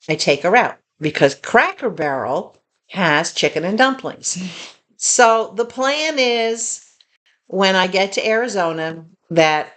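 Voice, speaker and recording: A woman's voice: on the low side, a bit bright. Chatty woman telling stories. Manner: chatty storyteller, talks to her dog. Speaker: vlogger. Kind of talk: casual haul video chat.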